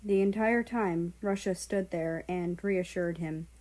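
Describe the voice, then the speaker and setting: Slow, mellow female story reader. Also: on the low side. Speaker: fan fiction reader. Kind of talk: audiobook narration.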